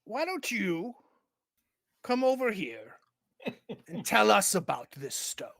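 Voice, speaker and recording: A man's voice: high-pitched, sing-song, slow, vocal fry, a bit bright, no room sound, pitched above the performer's own voice, exaggerated voice. A man playing a sly menacing orc captain. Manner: taunting, coolly threatening.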